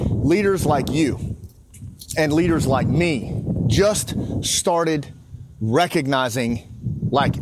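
A man in his fifties speaks in a somewhat high voice, earnest and heartfelt, rising into passionate conviction. He talks while walking outside, and a clear hiss of noise sits under his voice. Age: 50s. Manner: earnest, emotional, builds to passionate. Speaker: podcast host. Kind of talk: casual walking monologue. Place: outdoors in a small river town.

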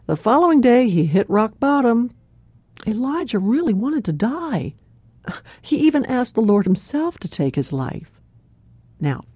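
A woman hosting a devotional radio program, telling a Bible story in a warm conversational way, with a laugh here and there. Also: mid-range voice, dry recording.

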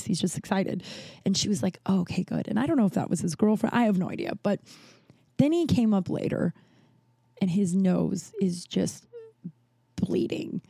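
A woman's voice: medium pitch, warm tone, no echo, clean studio sound. A woman podcast host, a festival bartender, telling a rambling story in casual chat and swearing freely.

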